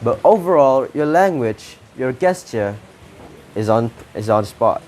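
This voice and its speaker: A man with an Indonesian accent, a mid-range, darkish voice, and lively intonation judges a poetry contest over slight background noise. He gives each contestant feedback in short, halting phrases full of restarts.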